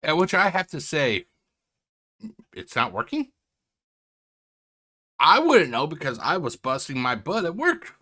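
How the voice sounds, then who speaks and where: A man's voice: medium pitch, sharp tone. A man hosting a reaction stream from home, talking in a rambling, sarcastic, self-interrupting way. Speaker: react channel host. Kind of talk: casual commentary. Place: home, indoors.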